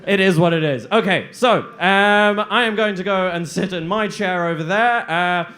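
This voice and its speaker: A man hosts a live comedy night from the stage, rattling off the rules with loud, sweary jokes to the crowd. His voice sits a little high for a man. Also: normal speed. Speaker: comedy show host. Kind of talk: live stand-up show hosting.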